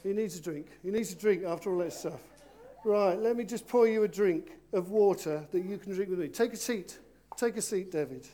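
A man's voice: sits high, normal speed, warm tone. A man leads a children's talk during a church service. He speaks playfully and coaxes the young volunteers at the front. He addresses the congregation around him as he preaches. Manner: playful, coaxing, talks directly to volunteers.

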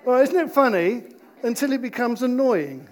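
A man preaching an interactive sermon in church, playful with his volunteers and slowing down to stress key points. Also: extremely high pitch, sing-song. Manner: playful, slows down for emphasis.

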